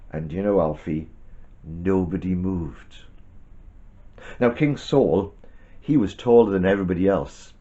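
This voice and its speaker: Low-voiced man telling a bedtime story. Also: measured pace, long pauses, muffled recording. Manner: gentle, animated, chatty asides. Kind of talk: bedtime Bible story for a child.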